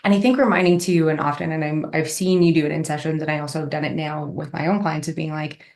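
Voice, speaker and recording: A woman hosting a podcast, talking in a relaxed way and acting out gentle calming words. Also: deep voice, fast, reverberant. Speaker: podcast host and therapist. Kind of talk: casual podcast conversation.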